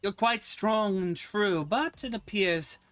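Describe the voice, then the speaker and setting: A game master voicing a menacing male vampire lord in a tabletop game, speaking in a cold, measured way. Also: medium pitch, a bit bright, no echo. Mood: coldly menacing.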